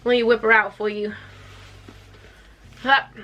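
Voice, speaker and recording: A young woman telling a story to camera in a chatty, animated way, acting out what people said. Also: fairly high pitch, a little slow, highs cut off. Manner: chatty, animated, acts out quotes. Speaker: vlogger.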